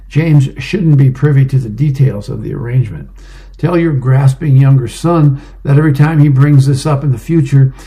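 Man, casual read-aloud of comics, gravelly, mellow tone, fillers between panels. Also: mid-range voice. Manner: plain reading with fillers, describing panels. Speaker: reader of advice columns and comics.

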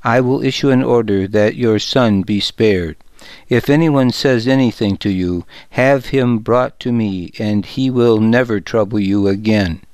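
Man narrating an aging king, commanding but tender, slow and smooth, storybook reading. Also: on the low side, a little mellow, no room sound, natural voice. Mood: gentle. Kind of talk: audiobook narration.

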